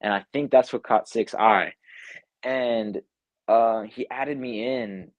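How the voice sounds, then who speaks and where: Young man telling a story, low voice. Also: takes it slowly, dry recording, highs cut off. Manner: animated retelling, acts out quotes, says "like" often. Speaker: music producer, guest. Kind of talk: casual storytelling in an interview. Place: home, online live interview. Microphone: video call.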